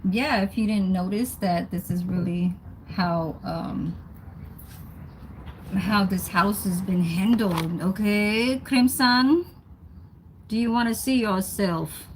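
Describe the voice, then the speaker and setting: There's a little hiss or hum behind this woman's medium-pitched voice. She's cooking on a relaxed livestream, talking with her viewers and occasionally cursing, first in her home kitchen and then outside.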